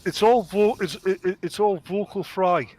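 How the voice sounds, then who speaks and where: A man from Britain chatting casually while gaming online, teasing the others and telling jokes with halting restarts. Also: high voice, darkish tone.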